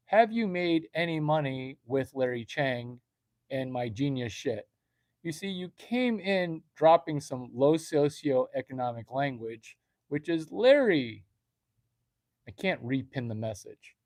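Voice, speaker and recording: A man's voice: medium pitch, expressive, slow pace, a little mellow, no room sound, studio quality. A man hosting a comedic livestream, ranting in a brash, profane way and reading chat messages aloud. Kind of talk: unscripted comedic rant.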